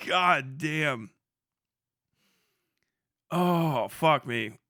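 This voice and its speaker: A man's voice: a little high, animated, drawn-out words, sharp tone, no room sound, clean studio sound. A young man doing casual livestream commentary, profane and mocking, laughing often as he rambles. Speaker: live streamer.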